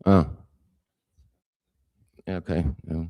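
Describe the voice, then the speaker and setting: A man in his forties from southern Germany with a German accent, giving a conference talk haltingly with lots of fillers. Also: deep voice, flat delivery, no room sound, highs cut off. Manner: hesitant, many fillers, self-deprecating. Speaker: guest speaker. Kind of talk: conference presentation.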